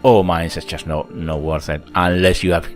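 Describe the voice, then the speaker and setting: Deep-voiced man chatting over game play. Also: flat delivery, moderate pace, over music. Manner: chatty, thinks aloud, counts workers under his breath. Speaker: gameplay channel host. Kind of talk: casual let's-play commentary.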